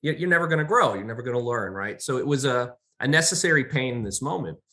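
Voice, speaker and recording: Lively bright-voiced man telling stories. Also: mid-range voice, fast talker. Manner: animated, storytelling with acted quotes. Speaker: podcast co-host, counselor. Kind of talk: casual conversation.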